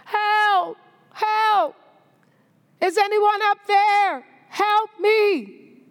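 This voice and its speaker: A woman voicing a terrified man hanging from a cliff, yelling and pleading desperately for help. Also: very high voice, sing-song, a little slow, pitched above the performer's own voice, exaggerated voice. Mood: panicked yelling. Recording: echoey hall reverb.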